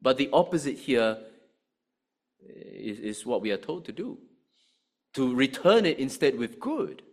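A man preaching a sermon, animated, with frequent rhetorical asides to the congregation. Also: mid-range voice, unhurried, vocal fry, pauses often. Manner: animated, rhetorical "right?" asides, acts out angry voices.

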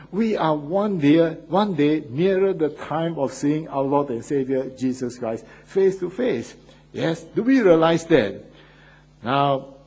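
A male preacher delivers a sermon with earnest conviction, circling back to repeat his phrases and lifting his voice on the words he stresses. His tone sits a little higher than most men's and carries a slightly husky edge. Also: darkish tone, low-quality recording.

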